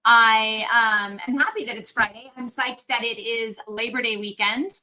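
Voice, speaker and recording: A woman's voice: on the high side, steady tone, unhurried, bright, forceful tone, rough recording. A woman doctor hosting a casual livestream Q&A, chatty and upbeat with viewers, with a frog in her throat. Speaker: naturopathic doctor hosting a live Q&A. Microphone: external microphone on a livestream.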